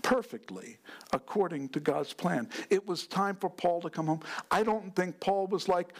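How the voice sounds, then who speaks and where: A man preaching a sermon as pastor, in an earnest, unhurried delivery. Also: a little high, very animated.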